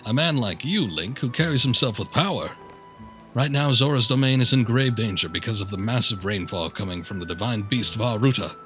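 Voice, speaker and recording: A man's voice: medium pitch, animated, a little fast, a bit bright, faint music behind, natural voice. A man voicing a flamboyant male fish-like prince in a video game, talking in a showy, grandiose and enthusiastic way.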